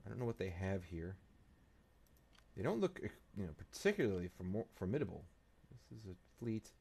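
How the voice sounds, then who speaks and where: A man's voice: lowish voice, very animated, fairly quick, gravelly, dark tone, husky. A man hosting a strategy game playthrough, thinking aloud and muttering to himself and the game as he plays. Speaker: let's play host.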